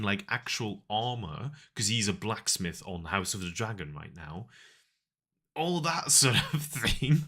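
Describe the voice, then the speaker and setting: A man's voice: medium pitch, expressive, moderate pace, sharp tone. A man streaming and chatting casually with viewers, rambling through stories and laughing often.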